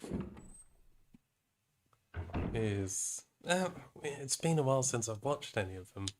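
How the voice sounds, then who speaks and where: A man's voice: medium pitch, animated, slow pace, background noise. A British man co-hosting a game stream, chatting in an easygoing, agreeable way. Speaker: streamer co-host. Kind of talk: casual chat.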